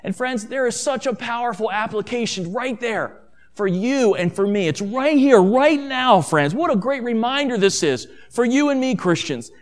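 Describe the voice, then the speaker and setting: A man's voice: very high-pitched, expressive, normal speed. A male pastor preaching an emphatic sermon full of repeated phrases and rhetorical questions.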